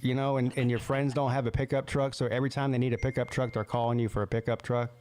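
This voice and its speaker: A man's voice: medium pitch, flat delivery, fast talker, a loud crowd. A man hosting a casual podcast chat, teasing his friends bluntly and swearing freely.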